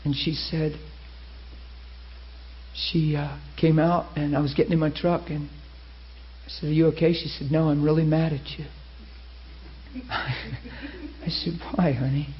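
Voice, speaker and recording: A man preaching a sermon, telling a story with lively acted-out quotes. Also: a little high, unhurried, long pauses. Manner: animated, acts out quoted voices. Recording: muffled lo-fi sermon recording.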